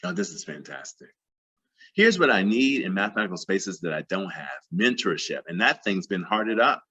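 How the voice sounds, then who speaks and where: A man's voice: low-pitched, very animated, normal speed, bright, forceful tone, slightly rough, dull audio. A man giving a plenary talk at a math conference, passionate and emphatic, repeating phrases for emphasis. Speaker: plenary speaker.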